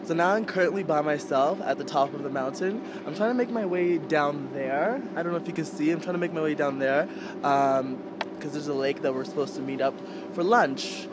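A young man chatting excitably to his camera while skiing on a snowy mountain, joking at his own expense. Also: a little high, a little fast. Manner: excitable, chatty, self-mocking. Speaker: vlogger. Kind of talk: casual vlog chat to camera. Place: outdoors on a snowy ski mountain. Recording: noisy outdoor mountain ambience.

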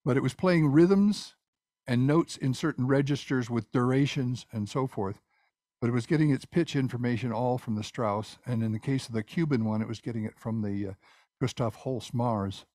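Older man talking haltingly over a dry call. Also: mid-range voice, darkish tone, no echo. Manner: rambling, halting with restarts. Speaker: guest speaker, composer. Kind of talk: casual presentation and Q&A.

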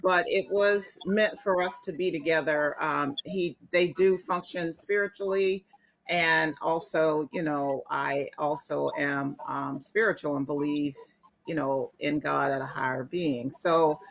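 A woman real estate agent, answering in a measured, hesitant way. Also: low voice, fairly even intonation, gravelly. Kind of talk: guest interview.

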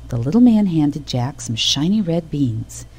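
A woman narrating a children's storybook in an expressive, animated way. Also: low-pitched, unhurried, rough recording.

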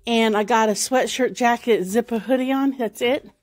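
In this casual walk-and-talk vlog, a woman wanders the grounds of her home talking loosely to the camera and thinking out loud. She speaks slightly high at an everyday pace, with no room sound in the audio.

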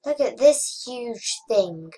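A young woman chatting casually over her gameplay, murmuring to herself and then bursting into frustrated shouts. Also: a little high, animated, slow. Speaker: gaming vlogger. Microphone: webcam or desk mic.

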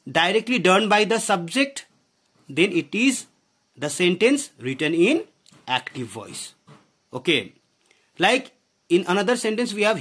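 A man's voice: high-pitched, a bit bright, breathy edge. A man teaching a grammar lesson, asking the class questions and saying "okay" often. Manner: explains with frequent questions and "okay", voice drops at phrase ends.

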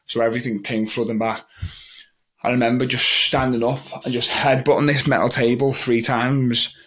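A young man, a magician talking about his own past as an interview guest, rambling a little and quoting his own thoughts. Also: medium pitch. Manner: rambling, with many restarts and quoted thoughts. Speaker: guest, magician and mental health advocate. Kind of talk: candid personal storytelling in an interview.

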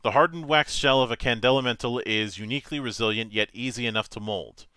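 Bright, clear-voiced man reading game rules. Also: mid-range voice, no room sound. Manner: measured, matter-of-fact reading with small stumbles. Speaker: game master.

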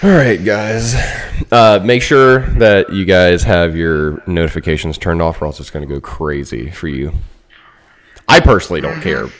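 A man's voice: low voice, normal speed. A man hosting a casual gaming stream, joking and bantering with viewers and teammates. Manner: joking, bantering, playfully bossy. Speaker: streamer host.

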